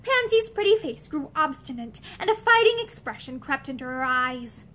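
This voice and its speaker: High, lively woman reading a novel aloud. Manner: measured, expressive storytelling. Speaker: reader. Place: indoor room with bookshelves.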